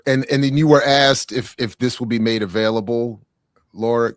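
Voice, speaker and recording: A man in a casual chat, speaking in a hesitant, halting way. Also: medium pitch, steady tone, no room sound, studio quality.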